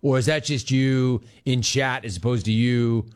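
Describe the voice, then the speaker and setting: A man's voice: mid-range voice, fairly even intonation, measured pace. A man hosting a sports talk show, reacting to callers and news in a sarcastic, mocking way and laughing often.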